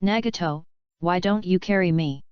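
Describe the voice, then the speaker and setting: A woman voicing a quiet, drowsy and reserved young woman ninja with soft, unhurried lines. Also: fairly low pitch, clean tone, dry recording, lightly acted. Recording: slightly dull, dry lo-fi recording.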